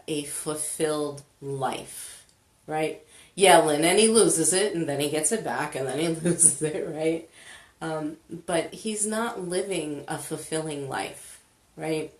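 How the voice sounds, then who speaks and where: A woman leading a live money-clearing session, chatty and casual, greeting viewers as she goes. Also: low-pitched. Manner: chatty, slow, greets viewers, laughs often. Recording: echoey room.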